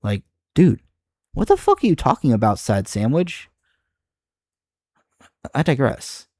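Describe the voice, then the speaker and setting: A man's voice: mid-range voice, sing-song, a little slow, a little mellow, no echo. A man reacting to online comments in his video, exasperated and profane, rambling with frequent restarts. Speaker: video creator.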